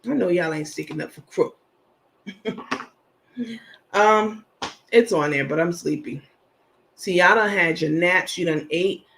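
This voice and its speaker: A man's voice: sits high, measured pace, gravelly, long pauses, pushed and bright, a little hiss or hum. A man hosting a casual livestream, chatting loosely and reading viewer comments aloud with plenty of fillers. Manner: chatty, rambling, many fillers. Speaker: livestream host.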